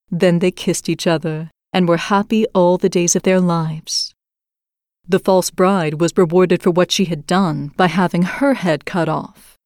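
Woman narrator, low voice, steady fairy-tale reading, dry close mic. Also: a little slow, no echo. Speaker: storyteller.

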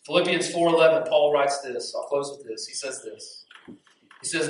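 A man preaching in an earnest, animated storytelling way, his voice sitting high. He is recorded from a distance in a very echoey sanctuary, with a faint noise under the sound. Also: normal speed. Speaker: pastor. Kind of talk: sermon.

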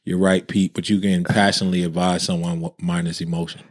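A man co-hosting a casual talk show, speaking in a relaxed, thoughtful way and reading out listener comments. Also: low-pitched, quick pace, no echo, clean studio sound. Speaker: podcast co-host. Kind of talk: casual chat.

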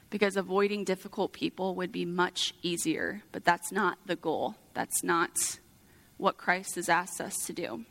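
A woman's voice: medium pitch, fairly bright tone. A young woman giving an earnest sermon, mixing scripture with a personal story and casual fillers. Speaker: preacher.

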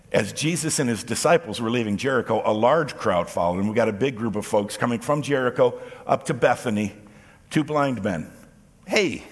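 A man preaching a sermon as pastor, animated and expressive, acting out quoted lines as he speaks. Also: mid-range voice, breathy edge, long reverb tail.

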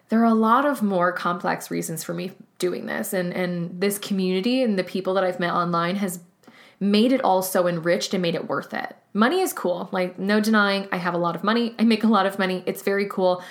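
A woman's voice: mid-range voice, a bit bright. A woman who works as a business coach, talking earnestly to her listeners in a casual podcast monologue, with many fillers and restarts. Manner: earnest and emotional, many fillers like "you know".

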